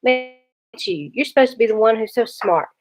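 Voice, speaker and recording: A woman reading aloud, voicing a gruff older teenage brother who is blunt but protective. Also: fairly high pitch, animated, brisk, faint music behind, pitched above the performer's own voice, lightly acted. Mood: scolding. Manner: blunt, scolding. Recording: dull lo-fi recording.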